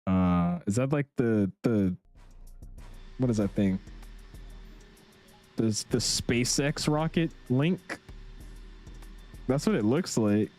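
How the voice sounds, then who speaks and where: Excitable young man streaming a flight sim. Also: medium pitch, slow pace, long pauses, faint music behind. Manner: excitable, rambling, slangy with lots of "dude" and "like". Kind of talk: casual livestream chat.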